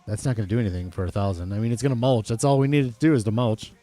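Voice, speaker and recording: A man's voice: lowish voice, steady tone, very fast, mellow, faint music behind. A man casually commentating his farming game on a live stream, reading chat and rambling through asides. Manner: chatty, reads chat aloud, rambling asides.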